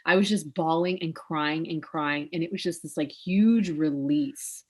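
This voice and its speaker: A woman guest on a podcast, casually telling her story with animated, emotional delivery. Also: deep voice, a little slow.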